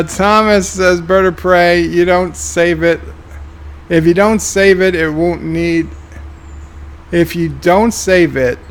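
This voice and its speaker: A man streaming a game reads viewer chat aloud and answers with dry, offhand remarks. His voice sits a little higher than most men's and carries a gravelly fry. He sounds tired. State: tired, yawning. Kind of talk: casual live-stream commentary.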